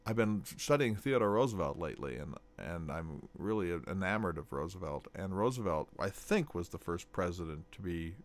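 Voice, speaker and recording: A North Dakota man with a plain General American Midwestern accent hosts a radio talk show. His voice is low and expressive, and he talks at normal speed with hardly any pauses and a slight hesitant catch.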